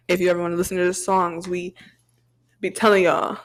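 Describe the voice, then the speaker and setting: A woman's voice: lowish voice, flat delivery, brisk, low-quality recording. A young woman co-hosting a podcast, chatting casually with slang and frequent laughter. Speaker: podcast co-host. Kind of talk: casual chat.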